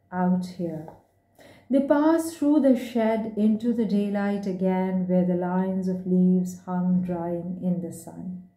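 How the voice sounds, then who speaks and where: A woman reading a story aloud in a measured, unhurried way. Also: mid-range voice, dark tone. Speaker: reader. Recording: echoey room.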